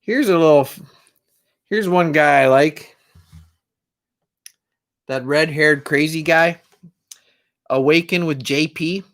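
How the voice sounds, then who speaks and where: Slow-talking joking male singer-songwriter. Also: a little high, fairly bright tone. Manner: joking, chatty, reads viewer comments aloud. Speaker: singer-songwriter hosting a live stream. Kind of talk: casual chat between songs.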